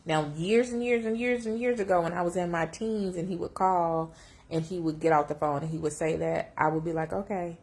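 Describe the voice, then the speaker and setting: A woman telling a personal story on camera, reflective and emotional, close to tears, with lively jumps when she quotes herself. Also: on the low side, a little fast. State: tearful. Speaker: vlogger sharing a personal story.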